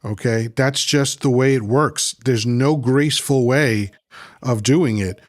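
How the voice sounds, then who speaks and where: A man's voice: mid-range voice, unhurried, dry recording. Combative male livestream host, dry close sound. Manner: combative, mocking, repeats himself. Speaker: livestream host reading chat. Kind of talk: heated political rant.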